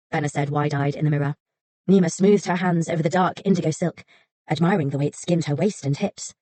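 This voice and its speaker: Woman audiobook narrator, measured and softly breathy, lower pitch. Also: no room sound. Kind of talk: scripted narration.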